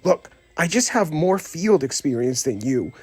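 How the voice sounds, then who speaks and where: A man's voice: a little high, sing-song, unhurried, darkish tone, breathy edge, no room sound, exaggerated voice. Narrator guy doing a bossy know-it-all cowboy toy. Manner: warning, explaining. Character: bossy cowboy toy, experienced and self-assured.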